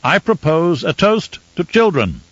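A man playing a grandfatherly old nobleman whose voice rises high and soft as he gushes over a child. The delivery is cooing and eager. Dry, slightly dull audiobook sound. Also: very animated, a little slow, dry recording. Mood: toasting. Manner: gushing, cooing baby talk. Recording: slightly muffled dry recording.

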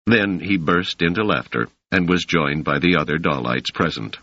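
A man narrating an audiobook in a measured, steady storytelling manner. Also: sits low, breathy edge, no room sound. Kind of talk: scripted narration. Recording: dry, slightly muffled lo-fi audio.

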